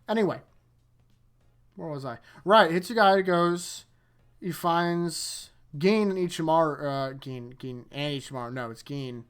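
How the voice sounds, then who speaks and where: A man hosting his own anime rewatch, recapping episodes in a loose, rambling way that trips over itself and keeps correcting itself. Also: medium pitch. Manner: rambling, self-correcting, chuckles often.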